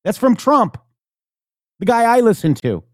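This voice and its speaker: A man's voice: very high-pitched, big pitch swings, unhurried, dry recording, studio quality. A man co-hosting a casual political talk stream, talking emphatically with many rhetorical questions. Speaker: co-host.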